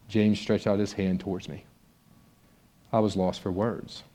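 Brief: male pastor, lower voice, warm and mellow, conversational sermon with expressive reading. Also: unhurried, pauses often. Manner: conversational, reads aloud expressively. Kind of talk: sermon with a read-aloud story.

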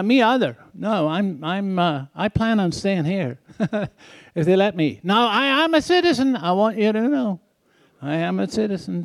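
High-voiced older preacher with a foreign accent. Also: male voice, dry recording. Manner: folksy, asks the crowd "isn't that right?". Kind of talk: sermon.

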